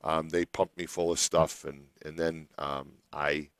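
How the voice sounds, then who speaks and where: A man's voice: very deep voice, flat delivery, measured pace, no room sound, rough recording. A middle-aged man hosting a radio show, telling a long personal story in a rambling way with many restarts.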